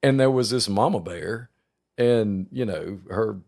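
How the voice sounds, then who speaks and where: A man hosting a casual podcast, telling a lively story, laughing and acting out the voices of people in it. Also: on the low side, unhurried, vocal fry. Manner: laughs along, acts out voices in his stories. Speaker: podcast host. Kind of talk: casual conversation, animated storytelling.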